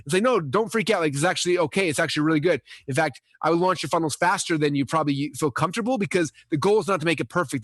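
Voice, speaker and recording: Quick-talking man, dry close sound. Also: a little high, a bit bright, no room sound. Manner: quick, chatty, loose fillers. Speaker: event host. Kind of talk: casual intro to a replay.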